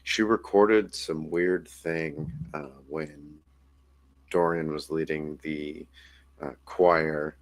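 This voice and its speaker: A man with an extremely deep voice, talking through a tabletop game in halting stops and starts. The sound is close and dry, with no room around it. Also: fairly even intonation, dry recording. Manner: halting, full of "um" and restarts. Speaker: player. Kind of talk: tabletop role-play, in and out of character.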